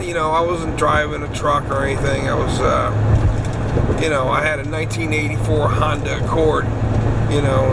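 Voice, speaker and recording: Man, 50s, surf fisherman, rambling laid-back storytelling, gravelly, in a car, loud road noise. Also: on the high side, recorded from a distance. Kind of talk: casual storytelling while driving.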